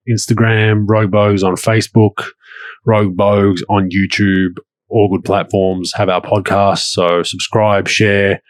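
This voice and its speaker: Australian man, very low voice, dry close sound, laid-back podcast host. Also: dry recording. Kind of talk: casual chat.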